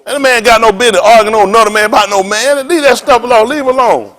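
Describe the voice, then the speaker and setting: A man preaching as pastor in a joking, rambling sermon, animated and laughing often with loud exclamations. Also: very high voice, fast talker.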